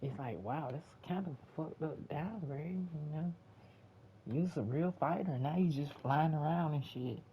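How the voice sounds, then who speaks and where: This man's voice sits fairly high, at a moderate pace. He rants about a movie in a casual, exasperated, profane and repetitive way, recorded at home in dull lo-fi with a faint hiss.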